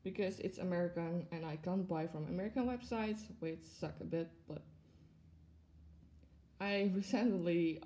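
Slow-talking, giggly young woman. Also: lowish voice, mellow. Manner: gushing, giggly, with many fillers. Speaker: plush collector vlogger. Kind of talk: casual unboxing chat to camera.

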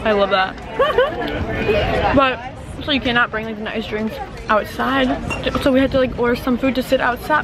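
A woman's voice: on the high side, lively intonation, normal speed, long pauses, a loud crowd. A woman vlogging in a rambling, chatty way, full of filler "like"s, sounding tired at the end of the day. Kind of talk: casual vlog chat.

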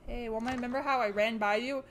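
A woman streamer talks her way through a horror game in a high-pitched voice. Her tone is bright and sharp. She is jumpy and excitable and argues out loud with the characters chasing her. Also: quick pace, a little hiss or hum. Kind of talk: let's play commentary.

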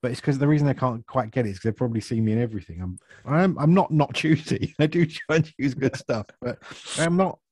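A man, chatting as an actor guest in a relaxed interview, self-deprecating and laughing often. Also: mid-range voice, quick pace, no room sound. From Essex, England. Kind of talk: casual interview chat.

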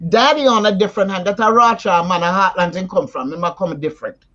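A woman's voice: medium pitch, fast. A woman with a Jamaican accent, raised partly in Jamaica, chatting in an interview and slipping into patois. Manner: animated, switching into patois. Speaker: interview guest. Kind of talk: casual conversation. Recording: dull lo-fi audio.

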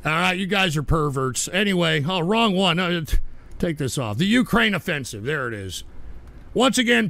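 A male livestream host reading chat aloud, combative, swinging from low mutters to angry shouting. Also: creaky, dry recording.

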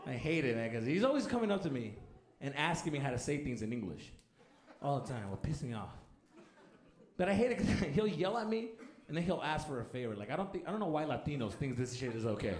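A young male stand-up comedian telling family stories with animated energy. His voice sits high and swings widely. The sound is echoey with background noise. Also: quick pace, some chatter behind. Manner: animated, acting out family members.

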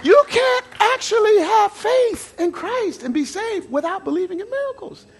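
A man preaching a sermon as pastor, in a folksy, playful manner, swinging between loud shouted lines and quiet asides. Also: very high voice, expressive, normal speed, soft background music, a faint crowd. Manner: preaching with rising shouts and dramatic swings of volume; folksy, playful storytelling with acted quotes.

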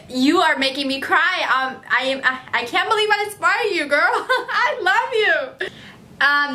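A woman's voice: sits high, sharp tone, slight background noise. A woman beauty vlogger chatting casually to camera, effusive and gushing, often repeating herself. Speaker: beauty vlogger answering fan questions.

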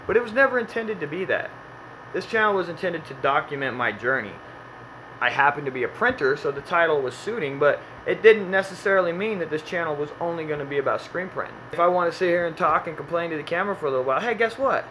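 A man's voice: fairly high pitch, expressive, fast talker, fairly bright tone, slight background noise, low-quality recording. A man who works as a screen printer, talking casually to the camera in his shop and telling stories by acting out the people in them. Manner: rambling storyteller, acts out quotes.

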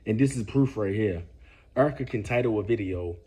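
Chill guy ranting on his vlog, kinda husky, warm low-key tone, keeps saying man and bruh. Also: a little fast. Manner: laid-back, lecturing, peppers talk with "man" and "bruh". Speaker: commentary vlogger. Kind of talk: casual commentary vlog.

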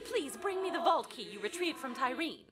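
A woman voicing a composed, formal adventurer in a video game, with measured speech. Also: high voice, sing-song, noisy background. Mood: curious. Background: game music.

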